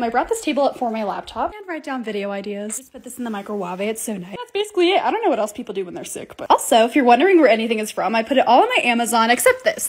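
Recording in her home bedroom and bathroom, this young lifestyle vlogger chats in an upbeat, self-mocking way. Her voice is high-pitched, and there's a slight hiss or hum in the audio.

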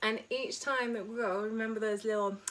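A woman choir leader, teaching an online vocal warm-up from home and demonstrating high sung notes. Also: steady tone, brisk. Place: home during lockdown.

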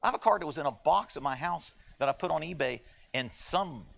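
Male teacher, American, gravelly, folksy conversational Bible class delivery. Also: a little high, expressive, a little fast, a bit bright. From United States. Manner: folksy and joking, with playful voices for quoted people. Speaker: Sunday school teacher. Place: church classroom.

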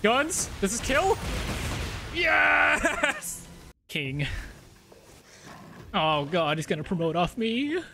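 A man telling a funny work story, then reacting loudly to a fighting game, laughing and swearing freely. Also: a little high, big pitch swings, slow pace, long pauses, noisy background. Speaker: gaming YouTuber. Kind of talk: storytelling and live gameplay commentary.

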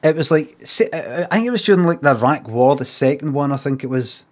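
A man's voice: on the high side, fairly quick. Scottish man, middle-aged, casual stream chat, rambling, swearing, mocking voices. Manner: rambling, swears freely, mocks signs in lively put-on voices.

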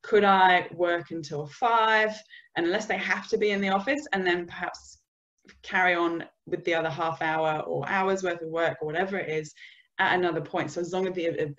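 A woman's voice: fairly low pitch, fairly bright tone, lo-fi sound. A woman from the UK giving a conversational business communication webinar, sometimes acting out example phrases. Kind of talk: webinar presentation.

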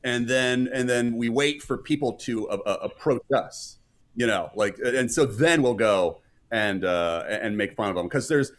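A man's voice: mid-range voice, unhurried. A man hosting a live stream in casual chat, reading out chat comments and rambling with many fillers and restarts.

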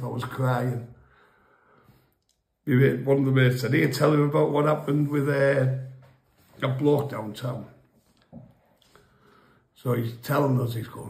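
A man's voice: medium pitch, fairly even intonation, normal speed, pauses often, a little mellow, reverberant. A man casually telling a crude, rambling pub story, often laughing at his own tale. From England.

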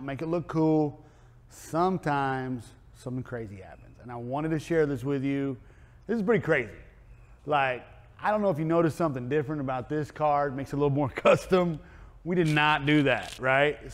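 The owner of a car wrap and tint shop tells a story in a casual vlog, his slightly high voice echoing in a large hall. His delivery is chatty and rambling, loaded with fillers.

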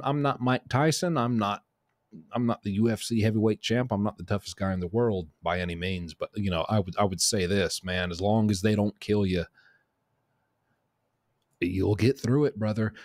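Brief: streetwise male commentator, low pitch, blunt, dry booth sound. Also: no room sound. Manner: blunt, streetwise, animated, many fillers and restarts. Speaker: commentator on prison news. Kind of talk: casual commentary to camera.

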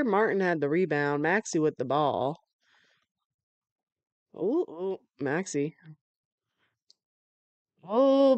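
A woman's voice: lowish voice, clean tone, no room sound. A woman giving casual live play-by-play commentary from home, laid-back and swearing freely between plays.

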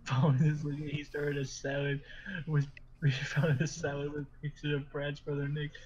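A man's voice: on the high side, monotone, a little mellow, lo-fi sound, a little hiss or hum. Man reading stories aloud, cracking up. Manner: reads haltingly, often breaking into laughter. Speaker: podcast host.

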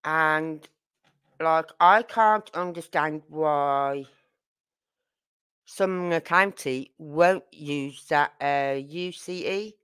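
A middle-aged woman from Birmingham, England, hosts a livestream, chatting and rambling to her audience with fillers and asides in her local accent. Her voice is deep and smooth, a bit bright, and she draws out her words.

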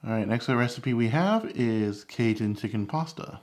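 A man's voice: mid-range voice, animated, normal speed, darkish tone. A man hosting his own cooking channel, chatting candidly and critiquing his own recipe videos. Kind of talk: casual vlog commentary.

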